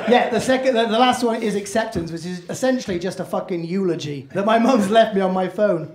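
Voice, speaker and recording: A man's voice: sits high, normal speed, noisy background. A male comedian working a club stage, chatty and self-deprecating, with a casual swearing habit. His voice rings with the echo of a live room. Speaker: stand-up comedian. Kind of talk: stand-up comedy set.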